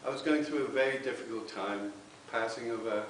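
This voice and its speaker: A man giving a heartfelt spiritualist sermon, often pausing to ask the congregation "okay?". His voice sits at an ordinary middle pitch. It reaches the mic from across a very reverberant church hall, with a faint hiss underneath. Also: a bit bright, recorded from a distance. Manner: earnest, tag questions with okay. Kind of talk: sermon with personal testimony.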